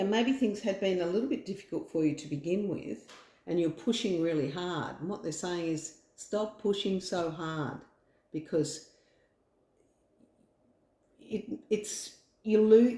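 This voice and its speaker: Speaking from a room in her home, an Australian tarot reader delivers a laid-back, reassuring reading full of fillers and rambling. Her voice is lowish and mellow, with a roomy sound.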